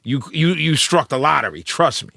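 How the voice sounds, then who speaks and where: A man's voice: on the high side, lively intonation, normal speed, creaky, sharp tone, no room sound, clean studio sound. A man hosting a podcast, brash and joking in casual, profane banter. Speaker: podcast host.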